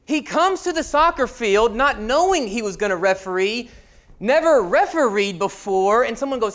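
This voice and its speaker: A man in his thirties preaches a sermon. His voice sits high, and he tells a personal story with lively delivery, jumping between shouted lines and hushed asides. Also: normal speed. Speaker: pastor.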